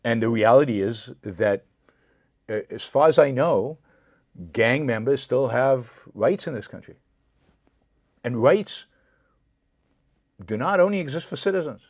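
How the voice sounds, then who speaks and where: A man's voice: medium pitch, expressive, unhurried, pauses often, a little mellow, no room sound, studio quality. A man hosting a live political commentary show, speaking with impassioned indignation and answering viewer comments directly. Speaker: show host.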